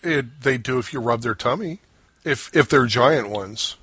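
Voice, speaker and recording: A man's voice: medium pitch, a little slow, a bit bright, slight background noise. A man co-hosting a podcast over an online voice call, joking around and laughing often. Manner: jokey, laughs often, spins absurd bits. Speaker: podcast co-host. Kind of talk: casual comedic chat.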